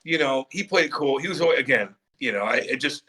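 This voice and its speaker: On a casual podcast, a middle-aged former pro hockey player appears as a guest, telling animated stories with a bright, forceful, husky mid-range voice. He talks a little fast, acts out every quote, swears freely, and keeps the tale rolling energetically.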